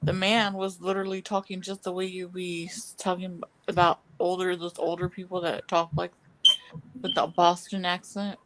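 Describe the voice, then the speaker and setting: A woman joining a stream chat, talking in a slow, drawn-out way and laughing along. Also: lowish voice, little pitch movement, heavy background noise. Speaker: stream guest. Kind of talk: casual chat.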